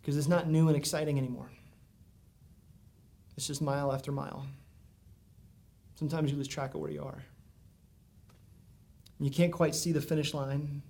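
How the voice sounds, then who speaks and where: A man's voice: a little high, flat delivery, moderate pace, vocal fry, long pauses, warm tone. A man preaching a sermon in a conversational way, full of asides and questions to the congregation. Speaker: pastor.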